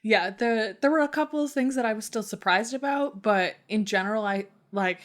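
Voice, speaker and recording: A woman's voice: on the high side, moderate pace. A young woman co-hosting a podcast, chatting casually about books, with frequent laughter, lots of "like" and some swearing. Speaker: podcast co-host. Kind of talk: casual book chat.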